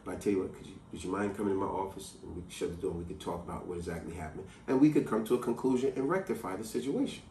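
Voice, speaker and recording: A man voicing a calm, polite male bank manager who speaks low and courteously, with the room echoing around him. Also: fast talker, far from the mic, a little hiss or hum, natural voice. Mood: soothing.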